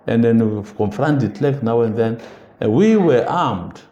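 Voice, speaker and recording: Older man, mellow voice, earnest and measured storyteller, roomy echo. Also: medium pitch, animated, lo-fi sound. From South Africa. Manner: earnest, measured, slows for emphasis. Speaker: interview guest, veteran politician. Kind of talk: reflective storytelling in a podcast interview.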